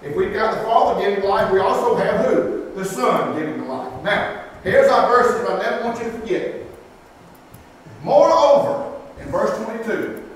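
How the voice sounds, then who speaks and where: A man's voice: sits high, normal speed, a bit bright. A man, preaching a folksy, plain-spoken sermon and asking the congregation rhetorical questions. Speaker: pastor. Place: church sanctuary. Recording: echoey hall from far off, faint noise.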